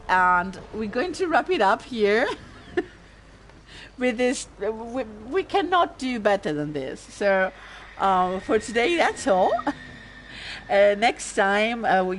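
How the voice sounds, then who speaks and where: A woman streaming a video game, chatting casually in a halting way and laughing easily. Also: medium pitch, a little hiss or hum. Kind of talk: casual gameplay commentary.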